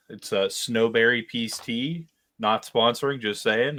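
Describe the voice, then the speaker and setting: A man's voice: lowish voice, steady tone, measured pace, sharp tone. A man co-hosting a casual sports podcast, joking and cursing playfully. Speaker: podcast co-host.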